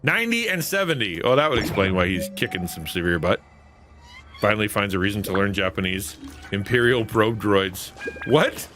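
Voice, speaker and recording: A man's voice: fairly low pitch, big pitch swings, normal speed, bright, forceful tone. A man streaming a video game, chatting playfully with his viewers and teasing himself as he plays. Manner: playful, self-mocking, chatty with chat. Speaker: gaming streamer and host. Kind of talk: casual live gameplay commentary. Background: game music.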